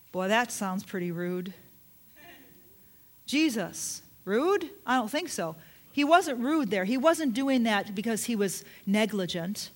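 Emphatic, higher-voiced woman preaching a sermon. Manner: emphatic, repeats phrases, asks the congregation questions.

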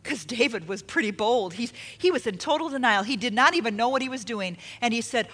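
A woman preaching a sermon, expressive, acting out the quotes she tells and dropping her voice low for emphasis. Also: brisk, hardly any pauses. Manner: expressive, acts out quotes with dramatic drops in volume.

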